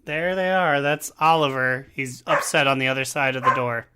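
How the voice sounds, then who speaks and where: A man's voice: medium pitch, normal speed, bright, forceful tone, a little hiss or hum. A man co-hosting a casual gaming podcast from home, rambling and laughing as he talks. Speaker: podcast co-host.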